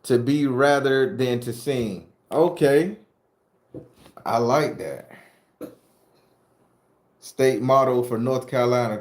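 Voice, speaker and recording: A man's voice: mid-range voice, animated, slow, long pauses, echoey room. A middle-aged man from southern Florida chats casually with his live-stream viewers. He tells stories in a loose, joking way and swears freely as he answers their questions. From southern Florida, USA. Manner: loose, profane, joking storyteller talking to chat. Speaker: host of a spooky-story channel.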